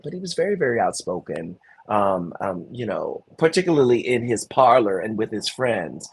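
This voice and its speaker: A man, a Broadway performer, telling animated stories in an interview, with many restarts. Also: on the low side, normal speed, gravelly, few pauses, slightly rough. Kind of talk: conversational interview.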